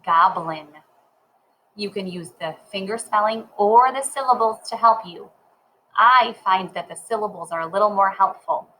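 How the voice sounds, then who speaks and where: A woman's voice: medium pitch, moderate pace, sharp tone, slight background noise, low-quality recording. A woman teaching a reading lesson, sounding words out syllable by syllable and spelling them letter by letter.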